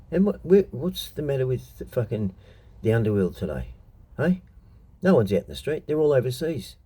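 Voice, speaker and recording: A middle-aged Australian man rants in an unscripted monologue, blunt and full of swearing. His voice sits low, with a very dark, mellow tone and a husky edge. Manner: blunt, heated, profane ranting. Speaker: show host telling stories.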